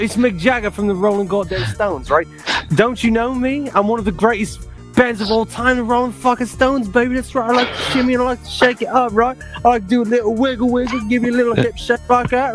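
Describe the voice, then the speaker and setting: A man's voice: very high-pitched, brisk, music in the background, voice pushed up. A man voicing a swaggering male British rock frontman in a put-on British accent, drawling and calling everyone mate. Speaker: podcast co-host.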